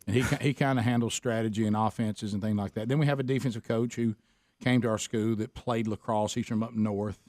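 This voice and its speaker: A man's voice: no echo, clean studio sound. A man co-hosting a radio talk show, who also coaches lacrosse, chatting casually and acting out quoted exchanges with big jumps in his voice. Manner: animated, acts out quoted exchanges with leaps in pitch. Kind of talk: casual storytelling chat.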